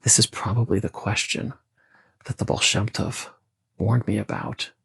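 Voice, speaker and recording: A man voicing an anxious male traveler who worries in a hushed, half-whispered way, with a gravelly, husky voice. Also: fairly low pitch, steady tone, normal speed, no room sound, exaggerated voice. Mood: panicked.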